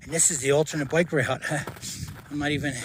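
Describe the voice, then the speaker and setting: A man's voice: fairly even intonation, normal speed, a little hiss or hum. Winded man vlogging on a mountain trail. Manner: tired, breathy and puffing at high altitude. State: out of breath. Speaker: thru-hiker vlogger. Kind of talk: casual hiking vlog. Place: snowy mountain trail outdoors.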